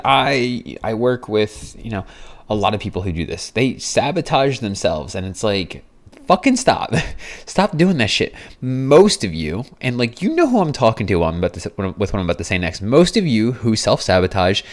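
A young man hosting a solo fitness podcast, talking bluntly with frequent swearing and restarts. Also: fairly low pitch. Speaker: fitness coach and podcast host. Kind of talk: casual solo podcast monologue.

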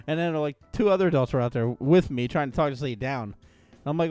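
A man co-hosting a podcast, telling an anecdote in a casual, profane, animated way. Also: fairly high pitch, fast talker, no room sound, soft background music. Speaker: podcast co-host. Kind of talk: casual storytelling chat.

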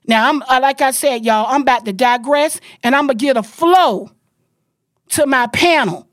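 A woman's voice: high-pitched, normal speed, no echo, clean studio sound. A middle-aged woman from Florida, hosting a podcast and ranting angrily with heavy profanity. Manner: angry, profane, emphatic ranting. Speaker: podcast host. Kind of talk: heated podcast rant.

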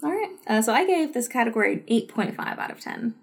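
A woman's voice: fairly high pitch, sing-song, quick pace, breathy edge. A woman in her thirties co-hosting a podcast, chatting casually about a TV episode with lots of fillers and laughter. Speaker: podcast co-host. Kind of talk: casual chat reviewing a TV episode.

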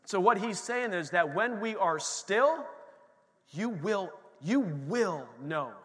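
A man preaching a sermon to his congregation in a church, animated and calling out to the room, acting out the voices he quotes. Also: high voice, slow pace, long reverb tail. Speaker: pastor. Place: church sanctuary.

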